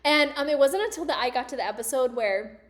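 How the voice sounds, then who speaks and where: Brief: bubbly woman host with a bright, high voice, rambling through a comic story. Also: quick pace. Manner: animated, rambling, laughs often. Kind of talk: casual comedic storytelling.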